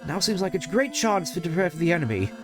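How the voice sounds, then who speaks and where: A man voicing a gentle, shy young goat prince in a video game, speaking softly and politely with hesitant little ums. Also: high-pitched, sing-song, fast talker, music in the background, voice pushed up. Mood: encouraging. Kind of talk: video game voice-over reading.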